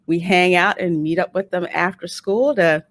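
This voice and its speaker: A woman's voice: fairly low pitch, moderate pace, fairly bright tone, no echo. A woman hosting her own online interview show, bubbly and laughing often. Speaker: host. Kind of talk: casual chat.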